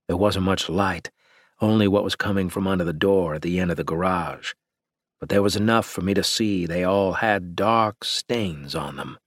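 Deep husky male audiobook narrator. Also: fairly bright tone, dry recording, studio quality. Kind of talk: first-person audiobook narration.

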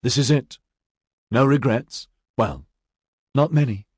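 Narrator doing a soft calm guy reassuring her, low husky voice, dry sound. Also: takes it slowly, no room sound. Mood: wry. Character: gentle, steadfast man comforting his love.

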